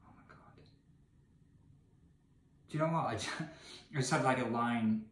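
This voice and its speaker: Reading from a gamebook, an English vlogger in his thirties rants at the camera in disbelief, veering between loud bursts and muttered remarks. He talks fast in a mid-range voice, in an echoey candlelit room away from home.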